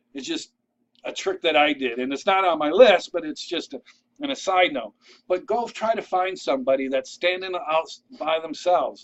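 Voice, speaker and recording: A man with a slightly high voice talks in a loose, conversational way, full of asides. He keeps checking in with his listeners as he gives practical tips. The recording sounds a little dull and lo-fi. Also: fairly bright tone. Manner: conversational, checks in with "all right?"; loose and rambling, with restarts and asides. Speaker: vlogger giving networking tips. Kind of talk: casual advice talk to camera.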